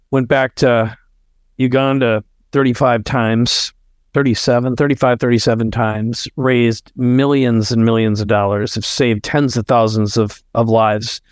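A man's voice: medium pitch, no room sound. Earnest man telling a story, dry sound. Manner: earnest, heartfelt, tells stories with quoted dialogue. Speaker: podcast guest entrepreneur. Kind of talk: conversational storytelling.

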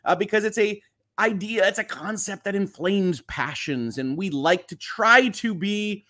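A man's voice: sits high, measured pace, pushed and bright. A man hosting a casual live stream, reading viewer comments in an upbeat, chatty way with frequent laughs. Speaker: livestream host and lawyer.

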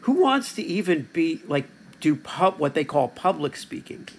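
A man's voice: a little high, very animated, moderate pace, darkish tone, a little hiss or hum. A man hosting a podcast interview, self-deprecating and rambling, with many fillers and restarts. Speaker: podcast host.

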